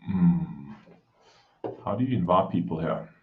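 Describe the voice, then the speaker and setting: A man with a very low voice chats casually on a home live stream, calling out viewers by name in a friendly, hushed way. The audio is dull and lo-fi. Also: unhurried. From South Africa. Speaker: livestream host. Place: home room.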